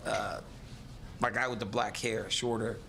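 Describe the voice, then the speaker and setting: A man's voice: on the low side, a little slow, vocal fry, a crowd in the background. A man, a fighter, casually telling a story, acting out the voices of the others and laughing along. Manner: animated, acts out the other voices and laughs between lines.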